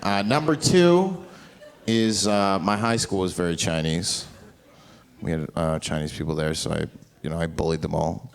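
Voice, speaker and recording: A man doing a brash stand-up comedy set, tossing off deadpan asides. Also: deep voice, normal speed, gravelly. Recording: live comedy club with crowd laughter.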